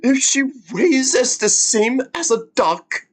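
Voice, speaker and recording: A shrill medieval peasant shouts that someone is a witch, pitched high and insistent, as a reaction streamer quotes the scene. The voice sits far above the speaker's own. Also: sing-song, slow, heavily acted. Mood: accusing. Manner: shrill mob accusation. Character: angry medieval villager accusing a witch.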